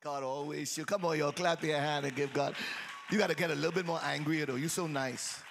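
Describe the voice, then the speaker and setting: A man, preaching a lively sermon and calling out to his congregation in a teasing, sing-song way. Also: fairly high pitch, a little fast, gravelly, slight background noise. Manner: exuberant, teasing, sing-song, calls out to the crowd. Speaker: pastor. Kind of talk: lively church sermon with congregation call-and-response. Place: church sanctuary with congregation. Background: faint crowd of churchgoers.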